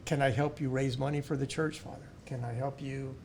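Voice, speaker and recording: A man's voice: mid-range voice, steady tone, a little fast, a little mellow, a little hiss or hum. A man, a pharmacy owner and school board member, talking earnestly in a casual interview and often restarting his words.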